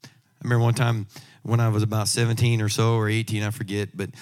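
A man preaching a sermon, emphatic, moving from loud exhortation to quiet asides and humorous personal stories. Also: fairly low pitch, level tone, fast, clear, resonant tone.

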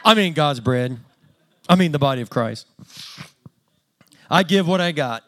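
Man, preacher, conversational sermon, fairly high voice, plain-spoken, dry humor. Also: lively intonation, unhurried, a bit bright.

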